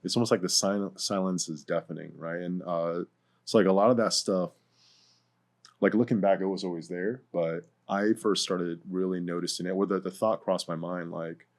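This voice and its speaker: A man's voice: sits low, fairly even intonation, normal speed. A man as a guest in a casual discussion, rambling and hesitant, full of fillers like "like" and "right".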